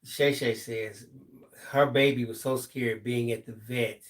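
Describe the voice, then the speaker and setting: Man, middle-aged, live-stream co-host, reads chat aloud, easygoing, reflective, mid pitch. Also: fairly even intonation, unhurried.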